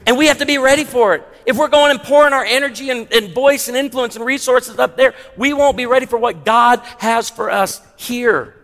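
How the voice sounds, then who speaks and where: Male pastor, fairly high voice, emphatic sermon delivery with wry asides, long sanctuary reverb. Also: a bit bright. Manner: emphatic, slows down hard on key lines, wry asides.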